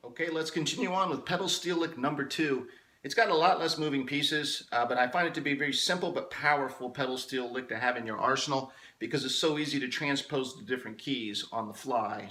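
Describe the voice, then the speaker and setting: A man teaching a guitar lesson, explaining step by step in a relaxed way, with guitar playing between his phrases. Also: mid-range voice, rough recording.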